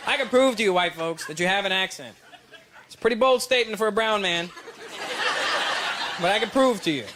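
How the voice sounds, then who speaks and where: A man's voice: high voice, expressive, a little fast. A man from Canada doing stand-up crowd work in a large venue, teasing the audience with brash, profane jabs. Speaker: stand-up comedian. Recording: roomy hall with crowd noise.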